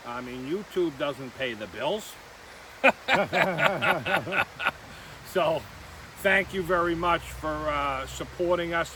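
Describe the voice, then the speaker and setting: A man hosting a casual outdoor vlog on a riverbank, chatty and rambling. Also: on the high side. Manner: chatty, rambling, self-correcting. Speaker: vlog host. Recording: distant outdoor mic with stream noise. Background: flowing stream and passing traffic.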